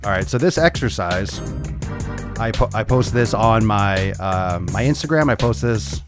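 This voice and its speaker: Brash, cursing fitness podcast host. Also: male voice, on the low side, expressive, measured pace, music in the background. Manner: brash, profane, talks straight to viewers. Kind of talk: livestreamed podcast chat.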